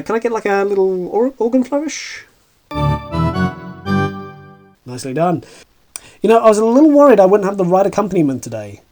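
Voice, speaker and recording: A man acting as a bitter, washed-up male horse celebrity, talking in a sardonic, rambling way with stammering asides. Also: sits high. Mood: awkward, jokey. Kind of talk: comedic dramatic monologue.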